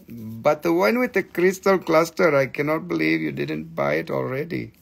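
Male live-stream seller, gravelly and profane, pushy and excitable with his buyers. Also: mid-range voice, normal speed. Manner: excitable, swears freely, coaxes viewers to buy. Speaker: host selling crystals on a live stream. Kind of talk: live sales stream chat.

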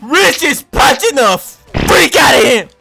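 A man giving loud, slangy play-by-play commentary on his own gameplay, yelling and whooping at the action. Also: extremely high pitch, big pitch swings, takes it slowly, gravelly, soft background music. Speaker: gaming channel host. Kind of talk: excited let's-play commentary.

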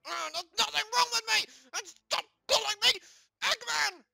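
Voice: high-pitched, animated, normal speed, vocal fry, sharp tone, dry recording, voice pushed up, exaggerated voice. A performer voicing a ranting male mad scientist villain who stammers and boasts in a comic plush game video.

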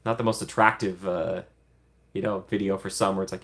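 A man's voice: low voice, flat delivery, fast, vocal fry. A young man casually hosting a livestream, chatty, laughing often and gushing thanks to his viewers. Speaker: livestream host.

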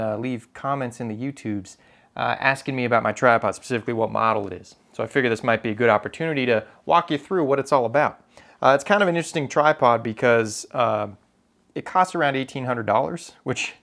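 A man's voice: mid-range voice, fairly bright tone. Brief: young American guy, casual vlog host, mid-range voice, rambling and self-deprecating, lots of filler. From United States. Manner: chatty, self-deprecating, with many ums and uhs. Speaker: photography YouTuber. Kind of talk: casual chat to camera.

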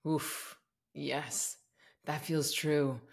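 A woman from the States, a meditation teacher talking as a guest on a podcast, expressive and musing aloud. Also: sits low, very slow, vocal fry, slightly rough. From Southern United States. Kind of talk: conversational podcast interview.

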